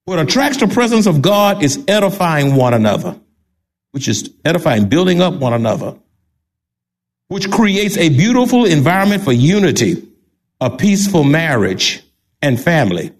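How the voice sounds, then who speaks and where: A man's voice: on the high side, big pitch swings, moderate pace. An older man with a Texan accent, a pastor preaching a sermon emphatically and repeating key phrases.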